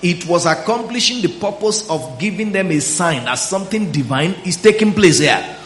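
A man's voice: high-pitched, lively intonation, moderate pace, reverberant, a little hiss or hum. A man preaching a Bible teaching sermon, often questioning the congregation and drawing out words for emphasis. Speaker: pastor.

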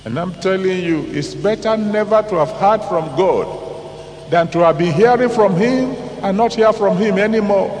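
A man preaching a dramatic sermon, dropping to low asides and rising to loud exclamations. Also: moderate pace, slight background noise. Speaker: pastor. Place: large church hall. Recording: echoey hall from a distance.

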